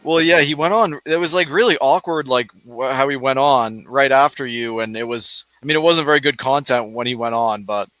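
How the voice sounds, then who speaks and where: A man's voice: mid-range voice, a little fast, hardly any pauses, fairly bright tone, no room sound, low-quality recording. A young man hosting a live stream, talking in a rambling, hesitant way. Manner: rambling, hesitant, filler-heavy. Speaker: stream host. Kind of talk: casual stream chat.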